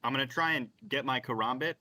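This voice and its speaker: A man playing a tabletop game, describing his character's actions in a halting, sarcastic way. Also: medium pitch, bright, forceful tone. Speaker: player. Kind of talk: casual tabletop play.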